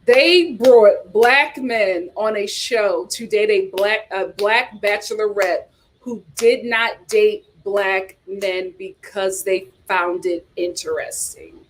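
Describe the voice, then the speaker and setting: A woman's voice: medium pitch, slow pace, a little hiss or hum. A woman hosting a casual commentary show, reading articles and viewer comments aloud and reacting in an outspoken, exclaiming way. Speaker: host.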